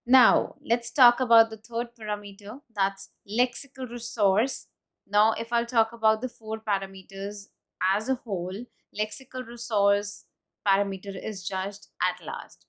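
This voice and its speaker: A woman's voice: mid-range voice, fairly even intonation, normal speed, a bit bright. A woman with an Indian English accent teaching an exam-prep speaking lesson, explaining step by step and modelling example sentences aloud.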